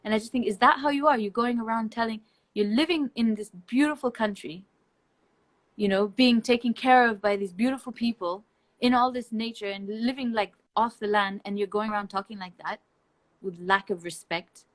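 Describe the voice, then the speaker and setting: A woman's voice: mid-range voice, normal speed. A woman speaks as a guest in a loose live-stream conversation. Her talk is blunt and emphatic, with free swearing. She laughs between her points. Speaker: interview guest.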